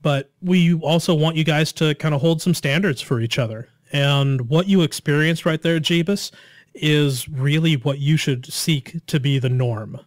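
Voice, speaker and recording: A male podcast host with a fairly high voice, upbeat and encouraging as he chats and speaks directly to his audience. The recording is dry and close, with no room sound. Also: unhurried, no room sound. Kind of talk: casual podcast chat.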